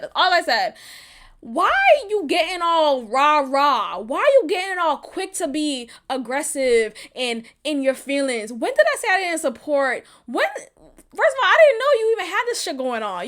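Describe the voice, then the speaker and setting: A woman from Texas hosting a podcast, telling a dating story at home in a blunt, profane, animated way. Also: high voice, normal speed. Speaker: podcast host. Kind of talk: casual storytelling monologue.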